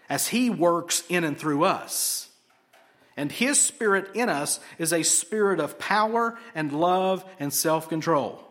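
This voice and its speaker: A man preaching an expository sermon to a congregation, lively and joking, full of rhetorical questions. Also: a little high. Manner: animated, asks rhetorical questions, jokes. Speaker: pastor.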